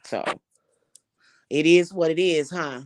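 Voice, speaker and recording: A middle-aged woman with a notably low, deep voice, recorded close and dry with no room sound. She vents straight to camera in a heated, profane rant. She repeats herself and trips over restarts as she goes. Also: slow, no room sound. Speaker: spiritual reader and spellwork vlogger. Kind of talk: unscripted angry rant to camera.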